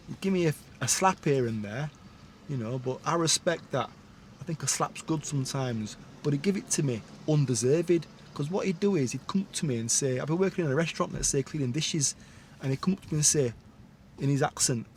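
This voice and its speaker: A man's voice: a little high, moderate pace, darkish tone, slight background noise. A man telling his own life story in a candid, rambling monologue, full of blunt asides and tag questions.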